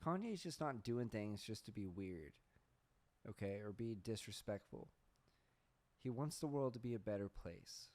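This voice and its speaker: A man hosting a podcast, talking in a casual, profane, deadpan sarcastic monologue. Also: lowish voice, moderate pace. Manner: deadpan sarcastic, profane, says "bro" a lot. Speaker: podcast host.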